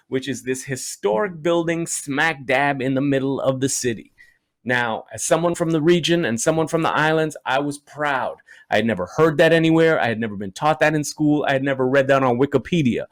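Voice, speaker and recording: A man's voice: a little high, a little fast, dry recording. A man from Canada doing stand-up comedy, telling a story in a conversational way with chatty asides.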